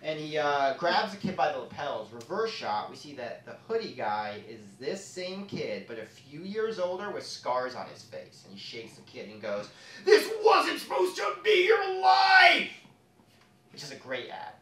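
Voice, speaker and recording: A man doing a stand-up comedy set on stage, quick and jokey, breaking into silly put-on voices. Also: medium pitch, very animated. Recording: echoey hall, from a distance.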